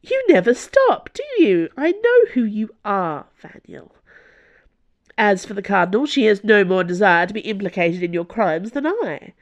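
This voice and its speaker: A woman's voice: mid-range voice, big pitch swings, normal speed, lo-fi sound, pitched above the performer's own voice, close to an everyday voice. A woman voicing a cheerful, mocking female jailer who taunts her prisoner. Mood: taunting. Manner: bright, taunting.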